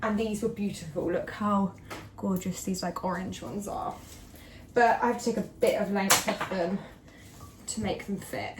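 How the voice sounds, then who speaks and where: A young woman talks to a handheld camera at home in a loose, rambling vlog style, filling gaps with ums and small laughs. Her voice sits at a middle pitch for a woman. A faint hiss runs under the recording. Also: measured pace. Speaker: vlogger. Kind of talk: casual chat.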